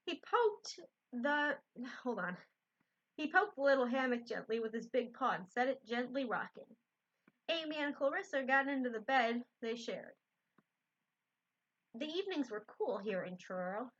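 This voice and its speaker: Brief: woman storybook reader, gentle and casual, fairly high, bright, dull lo-fi audio. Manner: gentle, unpolished, self-correcting. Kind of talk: reading a children's book aloud. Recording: dull lo-fi recording.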